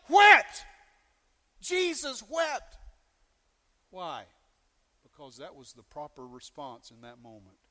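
A man preaching with a high, bright voice that rings out in a long, echoey hall reverb. His delivery is animated, rising sharply in pitch and volume to make a point, then pulling back, with frequent questions tossed to the congregation. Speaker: pastor. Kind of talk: sermon.

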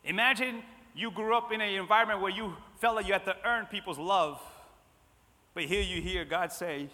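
High-voiced guy preaching, bright tone, long reverb like a church hall, goes loud then hushed. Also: normal speed. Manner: repetitive, swings between loud emphasis and soft hushed lines. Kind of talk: sermon.

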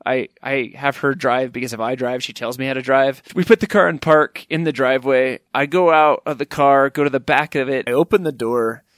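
A middle-aged man telling funny personal stories, with wry asides and sudden high-pitched emphasis. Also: fairly even intonation, a little fast, few pauses, a bit bright, dry recording, studio quality. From Wyoming. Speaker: storyteller. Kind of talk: comic personal storytelling.

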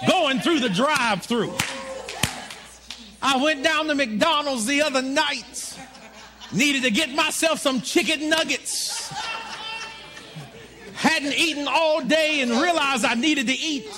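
A man preaching a sermon to a congregation, shouting and telling a story with emphasis. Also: extremely high pitch, slow pace, long pauses. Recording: live church crowd audible.

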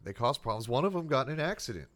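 A man's voice: medium pitch, racing. A man, a police officer, telling a ride-along story in casual chat, often breaking into laughter. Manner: animated, laughs while telling stories.

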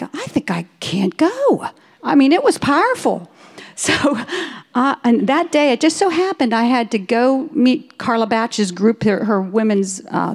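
A woman's voice: on the high side, slightly rough. A woman sharing a personal testimony in a conversational way, acting out the dialogue she quotes. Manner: lively storyteller who acts out quoted dialogue.

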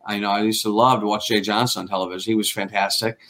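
A man's voice: fairly low pitch, little pitch movement, very fast, sharp tone. A middle-aged man, a guest ventriloquist and magician, telling rambling anecdotes in a casual interview. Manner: rambling anecdotes with acted-out quotes.

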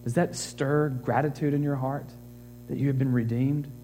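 Animated male pastor, mellow voice. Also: medium pitch, moderate pace, slight background noise. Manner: animated, rising to excited emphasis. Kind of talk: sermon.

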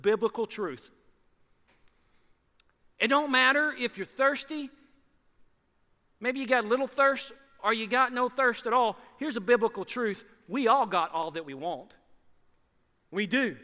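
A man preaching a sermon as pastor, in a lively, conversational way full of repeated rhetorical questions. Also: high-pitched, in a large hall.

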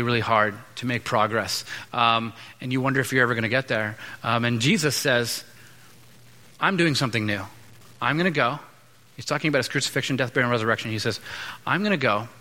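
A man preaching a sermon as pastor, conversational, acting out quick asides between points. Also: medium pitch, sharp tone. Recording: long hall reverb.

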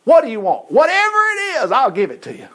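Brief: excitable storybook king, high and swooping, put on by a man. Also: fast, heavily acted. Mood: doting. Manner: jumps to high excited squeals. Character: excitable ancient king, doting husband.

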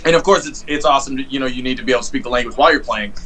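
A man's voice: mid-range voice, racing, sharp tone, slight background noise, rough recording. A man from St. Louis, a guest musician, telling stories in a rambling way with lots of fillers, talking into a phone on a video call from home. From St. Louis, USA. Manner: rambling, many fillers and restarts. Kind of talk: casual storytelling chat.

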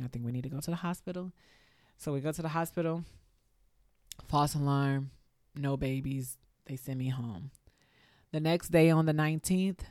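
A woman's voice: low-pitched, a little mellow, no room sound, studio quality. A woman in her thirties hosting a solo podcast, talking candidly and reflectively in a conversational way full of fillers. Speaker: podcast host.

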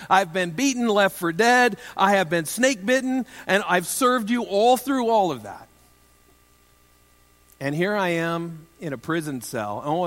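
A man's voice: sits high, a bit bright, big-room sound, voice pushed up. A man putting on an exasperated, whining apostle. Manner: exasperated whining, pleading with God. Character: aggrieved imprisoned apostle, adult man, complaining.

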